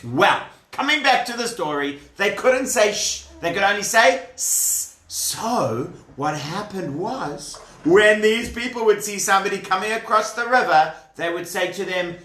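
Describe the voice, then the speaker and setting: A man's voice: high voice, very animated, moderate pace, hardly any pauses, bright, forceful tone. A man telling a Bible story to children in a chatty way, asking them questions, in a room with children listening. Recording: roomy echoey room.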